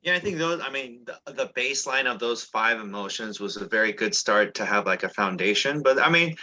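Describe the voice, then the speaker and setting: A man talking in a chatty, animated way as co-host of a casual discussion. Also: medium pitch, a little fast. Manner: animated, chatty, many fillers and restarts. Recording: dull lo-fi sound.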